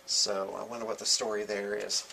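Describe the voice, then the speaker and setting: A man hosting a casual show-and-tell vlog from his painting studio, excitable and rambling, chuckling as he goes. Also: on the low side, moderate pace, creaky, background noise. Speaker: host of a miniature painting studio channel.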